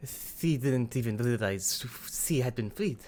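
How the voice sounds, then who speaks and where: A man voicing a gentle teenage boy narrator with a lisp, reading haltingly with restarts. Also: medium pitch, lively intonation, a little hiss or hum, natural voice.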